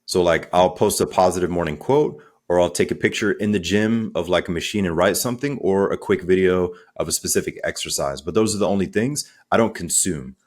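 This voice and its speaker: A man speaking as a coach in a podcast interview, energetic and conversational, acting out little quotes as he talks. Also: low voice, a little fast, hardly any pauses. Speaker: guest, transformational coach.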